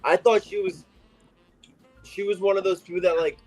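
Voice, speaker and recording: Man, casual co-host, easygoing, lots of "like", slightly high voice, faint music behind. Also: steady tone, moderate pace, rough recording. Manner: easygoing, loose, with frequent "like". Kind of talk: casual live watch-along chat.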